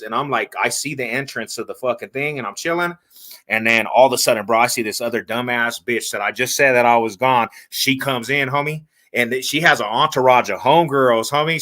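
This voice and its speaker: A man hosting a podcast, telling stories in animated, slangy casual chat and laughing as he goes. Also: mid-range voice, fairly quick. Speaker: podcast host.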